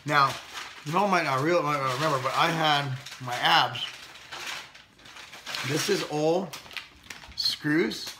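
A man's voice: a little high, slow pace, long pauses, background noise. A middle-aged man vlogging casually about his meals, blunt and joking, with some swearing. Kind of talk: casual vlog narration.

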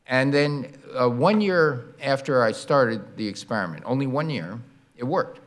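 An older man lecturing to a hall audience in an animated, storytelling way. His voice sits at a middle pitch, and he acts out sounds and demonstrations as he explains. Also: unhurried. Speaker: guest lecturer. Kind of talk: university public lecture.

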